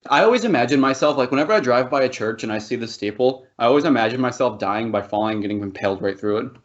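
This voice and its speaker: Talking very fast and animated at medium pitch, a podcast co-host rambles, laughs, and swears plenty through loose banter. The audio is dull and lo-fi.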